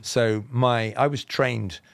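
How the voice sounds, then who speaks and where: A man from England with a southern, BBC-style received pronunciation accent, telling personal stories as a podcast guest in a measured, explanatory way with self-deprecating humour. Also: medium pitch, steady tone, gravelly, no echo. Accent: Southern English, BBC-style received pronunciation. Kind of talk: reflective personal storytelling.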